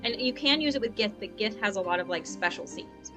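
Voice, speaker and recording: A woman's voice: medium pitch, lively intonation, brisk, over music. A young woman chatting casually while streaming a game, rambling and upbeat, on a lavalier mic at home. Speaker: gaming streamer. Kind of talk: casual live-stream chat.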